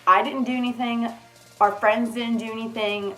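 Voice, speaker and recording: Bright-voiced young woman, animated and sweary. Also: fairly high pitch, normal speed, soft background music. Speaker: vlogger. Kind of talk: casual storytime vlog.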